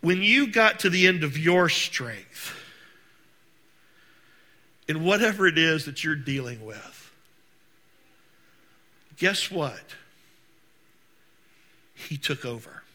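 A man preaching a sermon to a congregation, talking conversationally, asking the room questions and acting out scenes with sudden shouts. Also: fairly high pitch. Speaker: pastor. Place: church service.

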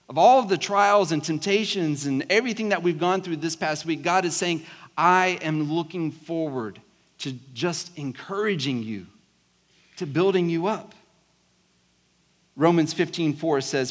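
A pastor from South Georgia with a Southern accent, preaching a conversational sermon to his congregation. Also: on the high side. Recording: long hall reverb.

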